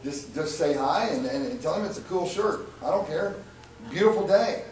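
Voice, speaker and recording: A man's voice: a little high, expressive, moderate pace, darkish tone, far from the mic, faint music behind. A man leading a live sales training session, chatty and coaching, often repeating his words. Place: training room with an audience. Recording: echoey room from afar.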